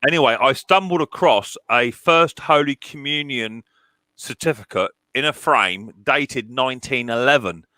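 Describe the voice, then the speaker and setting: Brief: middle-aged man, bright and dry-sounding, chatty, stumbles and repeats words, jokey. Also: mid-range voice, dry recording. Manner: stammering restarts, joking, teasing. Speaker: mower repairer. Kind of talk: casual chat.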